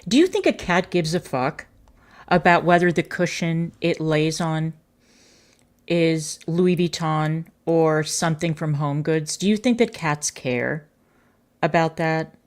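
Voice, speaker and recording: A woman's voice: deep voice, unhurried. A woman streamer reacting to clips with sarcastic, scornful commentary.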